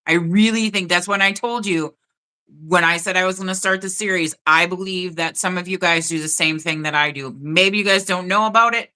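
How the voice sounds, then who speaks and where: A woman's voice: lowish voice, steady tone, brisk, sharp tone. A woman hosting a spiritual live stream, talking earnestly and directly to her viewers in casual chat.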